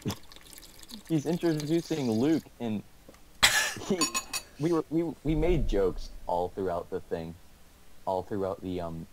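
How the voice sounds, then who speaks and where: A man's voice: fairly low pitch, a little slow, pauses often, very noisy. Rambling teenage guy telling a story. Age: teens. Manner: rambling, laughing, lots of restarts. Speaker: student telling a school story. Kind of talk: casual chat over a call.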